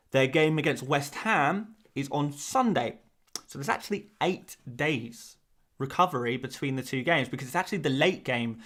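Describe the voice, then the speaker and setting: A man's voice: medium pitch, a bit bright. A man hosting a fantasy football live stream, talking casually to his viewers and often repeating himself as he rambles.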